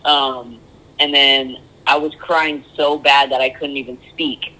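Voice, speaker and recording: A young man sharing his story as a podcast guest, earnest and halting, with frequent ums. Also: mid-range voice, little pitch movement, sharp tone, poor audio. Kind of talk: candid personal interview.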